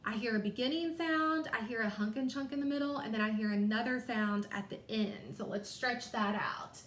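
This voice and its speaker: Woman teacher slowly sounding out words. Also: fairly high pitch, a bit bright, a little hiss or hum. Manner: slow, careful sounding out of words. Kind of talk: phonics lesson. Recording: echoey room.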